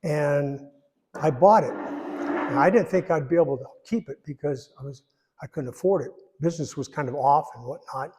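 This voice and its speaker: A man in his eighties giving a personal testimony in church, rambling and folksy, pausing when emotional. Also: on the high side, darkish tone. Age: 80s. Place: church sanctuary. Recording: echoey church hall.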